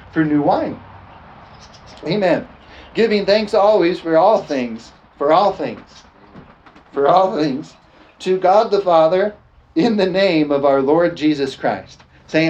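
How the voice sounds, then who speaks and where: A male preacher delivering a sermon in church, animated, often chuckling and calling out "amen?" to the congregation. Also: high voice, dull audio, a little hiss or hum. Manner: animated, chuckling, frequent call-and-response "amen?". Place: church service, also streamed online.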